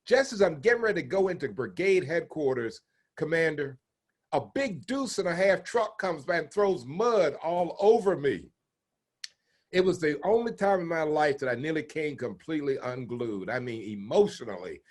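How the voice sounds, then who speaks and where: Older man in his seventies, interview guest, lively raconteur who voices the people in his anecdotes, somewhat high-pitched. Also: moderate pace. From United States. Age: 70s. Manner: animated storyteller who acts out the people he quotes. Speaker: interviewee, retired naval officer. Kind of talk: storytelling interview.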